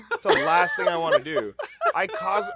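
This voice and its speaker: A man's voice: on the high side, huge pitch swings, slow pace, vocal fry, heavy background noise. A man chatting casually as a bartender guest, rambling and laughing often. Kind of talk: casual chat.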